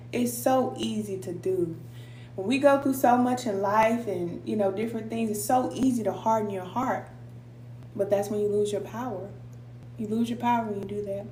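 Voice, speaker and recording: A woman's voice: medium pitch, warm tone. A middle-aged woman hosting a casual live stream, talking informally with viewers, laughing often and reading out their comments. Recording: echoey room with faint hum.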